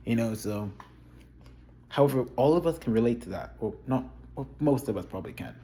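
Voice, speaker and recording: A man's voice: mid-range voice, lively intonation, brisk, mellow. A man in a casual video, giving blunt, profane opinions in a rambling, candid way. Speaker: video creator reviewing a TV show. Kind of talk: casual chat.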